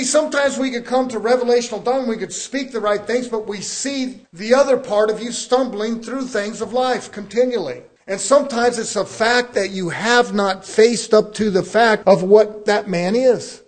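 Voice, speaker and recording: A man preaching a sermon to his church, building emphasis with rhetorical questions. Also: sits high. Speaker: pastor.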